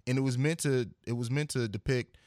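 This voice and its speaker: A man's voice: mid-range voice, brisk, darkish tone, no room sound, studio quality. A man hosting a podcast, talking in an earnest, reflective way and often repeating words as he thinks. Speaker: podcast host. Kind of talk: casual podcast conversation.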